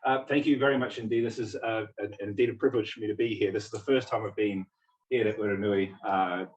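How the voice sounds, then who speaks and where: A man's voice: fairly low pitch, fairly even intonation, fast, highs cut off. A man in his forties with an English-tinged accent, giving a chatty, self-deprecating public talk as a visiting physics lecturer. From New Zealand. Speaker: guest speaker, physics lecturer. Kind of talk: public talk to a community gathering. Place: meeting house. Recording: roomy hall, distant mic.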